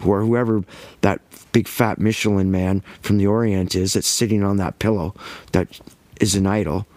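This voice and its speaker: A man with a lowish voice delivers a fired-up religious monologue, hammering his points and tumbling over repeated words in quick bursts. The sound is close and dry, with no room around him. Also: steady tone, a little mellow, no echo. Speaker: Christian commentator.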